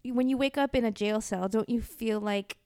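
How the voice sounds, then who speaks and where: A woman's voice: on the high side, normal speed, dark tone, clean tone, no echo. A woman hosting a casual interview, asking teasing, provocative questions. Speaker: podcast host.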